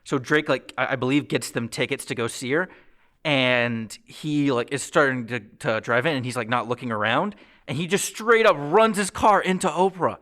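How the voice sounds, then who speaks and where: A young man in casual podcast chat, telling stories with animated energy. His voice is mid-pitched and ordinary, and he jumps up high when he acts out what someone said. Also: normal speed. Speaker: podcast host.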